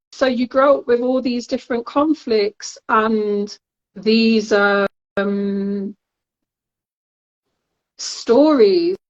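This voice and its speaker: A Nottingham-born podcast co-host chats and tells stories in her Nottingham accent, laughing often. Her voice is fairly high-pitched, and the recording cuts off the highs.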